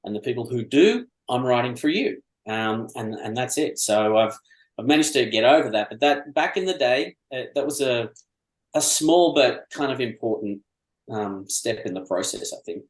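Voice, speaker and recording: A man's voice: mid-range voice, lively intonation, normal speed. A male author and podcast guest, talking reflectively and candidly with many fillers. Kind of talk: casual podcast chat. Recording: roomy echo.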